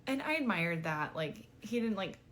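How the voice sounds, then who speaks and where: A woman's voice: medium pitch, animated, moderate pace, a bit bright, soft background music. A woman vlogger telling a dating story in a chatty, exasperated way, full of "like" and casual swearing.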